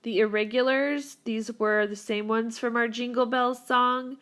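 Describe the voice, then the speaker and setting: A woman's voice: fairly high pitch, fairly even intonation, measured pace, fairly bright tone, clean tone. A woman teacher recording a whiteboard grammar lesson for her students, upbeat and encouraging as she walks them through the rules. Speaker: Spanish teacher.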